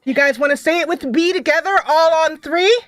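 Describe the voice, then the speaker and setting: A woman with a high voice hosts a casual livestream chat. She sounds excited and teasing as she coaxes the group along. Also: brisk, no echo, clean studio sound. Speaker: host.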